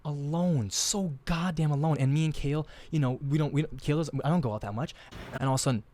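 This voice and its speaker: A man's voice: on the high side, fast talker, a little mellow, dry recording. A man hosting a podcast in casual chat, earnest and rambling, often repeating and restarting his words. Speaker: podcast host.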